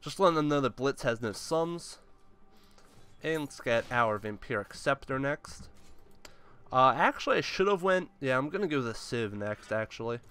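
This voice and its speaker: A man's voice: medium pitch, lively intonation, normal speed, a bit bright, clear, resonant tone. A young man casually commenting on his own gameplay, chatty and reacting with sudden exclamations.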